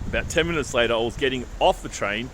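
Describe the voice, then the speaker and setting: Speaking quickly at mid-range pitch, an Australian man films a casual travel vlog monologue outside. His storytelling is lively, with the conversations performed out loud, and traffic and street sounds can be heard.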